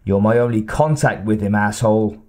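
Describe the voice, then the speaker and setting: Male narrator as hard-nosed homicide detective, audiobook, blunt and quietly menacing, dark mellow tone. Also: fairly low pitch, brisk, lightly acted. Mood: grim.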